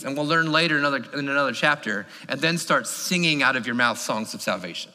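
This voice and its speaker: A man preaching a sermon as pastor, emphatic and animated. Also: mid-range voice, fast talker. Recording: long reverb of a large hall.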